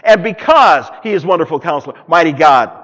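A man preaching a sermon to a congregation, dramatic, swinging from loud declarations to hushed near-whispers. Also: a little high, expressive, fairly quick, big-room sound. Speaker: pastor.

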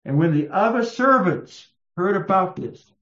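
A man preaching a sermon in a slow, emphatic storytelling manner. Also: expressive, a bit bright. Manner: slow, emphatic storytelling with raised-pitch quotes. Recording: echoey, muffled room sound.

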